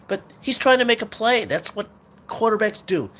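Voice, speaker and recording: Guy ranting about his team, kinda high voice, swears a lot, faint hiss behind. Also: very animated, normal speed, a bit bright. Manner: frustrated, swearing, ranting fan. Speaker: sports talk host. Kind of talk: sports rant podcast.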